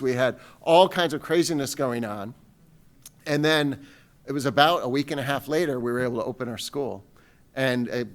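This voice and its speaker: A man, a school superintendent, giving a rambling, self-deprecating welcome speech to parents. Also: mid-range voice.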